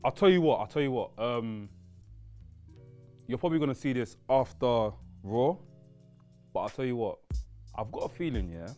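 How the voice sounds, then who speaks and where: A man's voice: medium pitch, lively intonation, normal speed, pauses often, dark tone, faint music behind. A young man, rambling playfully in a casual wrestling chat.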